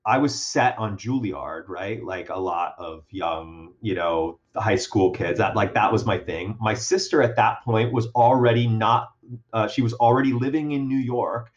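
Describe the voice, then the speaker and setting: A young man telling a story in a casual chat, animated and self-deprecating, with lots of fillers and restarts. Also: on the low side. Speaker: guest. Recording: dull lo-fi sound.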